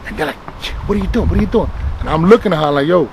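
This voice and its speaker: A man's voice: a little high, lively intonation, rapid-fire, vocal fry, a little mellow, slight background noise, rough recording. A man telling a heated story as an interview guest, emphatic and profane, checking in with "right?" as he goes. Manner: emphatic, profane, with repeated "right?" and "you feel me?" tags.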